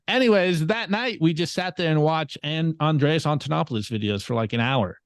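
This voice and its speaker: A man's voice: a little high, a little fast, no echo. A young man from California telling his story in a casual interview, rambling and swearing freely as he talks. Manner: profane, rambling, animated storytelling. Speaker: guest.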